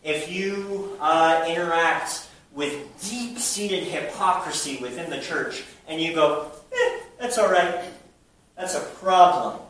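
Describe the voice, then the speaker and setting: A man's voice: on the high side, takes it slowly, hardly any pauses, a bit bright. Man preaching in a very echoey church. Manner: emphatic preaching with rhetorical questions. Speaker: pastor. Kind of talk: sermon. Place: church sanctuary. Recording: very echoey room from far off with faint noise.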